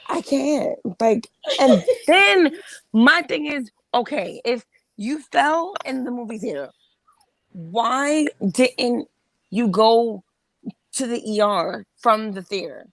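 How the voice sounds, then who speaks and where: Woman, blunt, exasperated, swearing, somewhat high voice, dry close sound. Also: expressive, slow, dry recording, low-quality recording. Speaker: host. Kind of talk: casual livestream chat.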